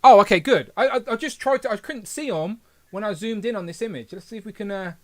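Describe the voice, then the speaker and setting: A man's voice: high-pitched, quick pace. A man hosting a casual livestream, rambling and correcting himself as he reads the chat aloud. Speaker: podcast host.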